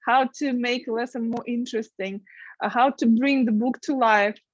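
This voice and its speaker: A woman's voice: on the high side, steady tone, normal speed, no room sound, highs cut off. A woman from Russia with a Russian accent, directing a language school, speaking hesitantly with many fillers in an interview. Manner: hesitant, many uh fillers, careful non-native phrasing. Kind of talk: interview guest.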